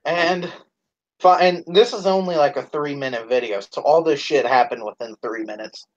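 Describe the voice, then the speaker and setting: A man co-hosting a live stream, telling a profane, animated story in casual chat. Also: fairly high pitch, normal speed, muffled recording.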